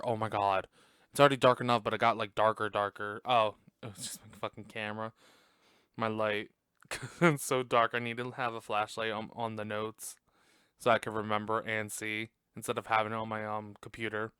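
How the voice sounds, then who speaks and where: A man hosts a podcast from home, talking through a movie recap in a chatty, profane way and laughing frequently. His mid-range voice is a bit bright, clear and resonant. A close desk mic captures him with no room sound.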